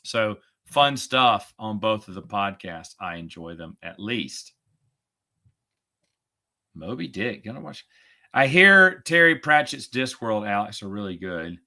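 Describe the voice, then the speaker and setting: A middle-aged man in casual chat, a podcast host who talks in a sarcastic, chatty way and gets animated when retelling a story. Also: on the low side, unhurried.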